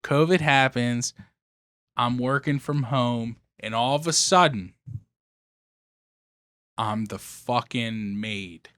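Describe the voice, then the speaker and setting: This young man co-hosts a comedy podcast, delivering animated stories in casual, joking banter, cursing freely and acting out what people said. He speaks slowly in a mid-range voice and pauses often.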